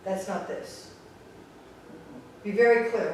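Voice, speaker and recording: Bronx-accented woman Pilates teacher, sarcastic and no-nonsense, heard from a way off in a booming, echoey studio. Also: moderate pace, a little hiss or hum. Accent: New York (Bronx). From the Bronx, New York. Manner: blunt, sarcastic. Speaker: Pilates instructor. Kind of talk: teaching talk to instructors. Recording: very echoey room, distant mic.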